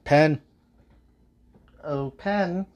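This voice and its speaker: A man's voice: on the high side, very slow, a little mellow. A man hosting a podcast and giving a casual, rambling movie review, full of swearing and hesitant fillers. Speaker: podcast host.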